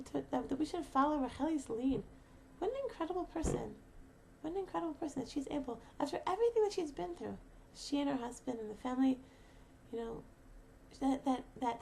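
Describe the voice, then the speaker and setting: A woman's voice: high-pitched, gravelly, darkish tone, a little hiss or hum. A woman giving a heartfelt motivational talk to mothers, earnest and emotional, rambling with many fillers and restarts.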